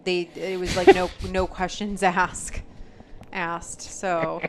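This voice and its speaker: A woman's voice: on the low side, little pitch movement, takes it slowly, crowd noise. A woman co-hosting a podcast in casual chat, wry and laughing often, who also reads trivia questions. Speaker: podcast co-host.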